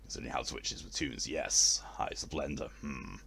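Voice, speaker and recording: A man's voice: very deep voice, normal speed, gravelly, pushed and bright, a little hiss or hum. A male streamer, chatting casually with his stream chat in a theatrical, posh-leaning way.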